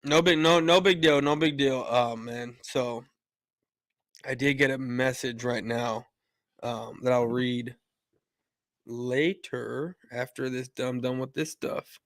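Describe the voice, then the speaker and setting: With a mid-range, steady, slightly bright voice, this man takes his time while hosting a casual livestream. He wanders through his words with many fillers and restarts, welcoming viewers in the chat, visibly emotional and a bit choked up. The sound is clean and studio-like, with no room noise.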